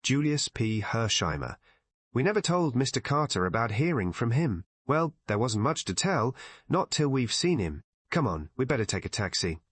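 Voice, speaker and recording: A man voicing a cheerful, practical young Englishman in an audiobook, with a slightly raised, brisk delivery. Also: mid-range voice, sing-song, a bit bright, slightly rough, no room sound.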